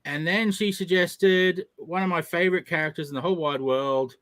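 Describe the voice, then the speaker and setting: A man's voice: fairly high pitch, fairly even intonation, moderate pace, fairly bright tone, dry recording. A man in his forties co-hosting a casual live stream, candid and self-deprecating, laughing easily. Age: 40s. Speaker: stream co-host.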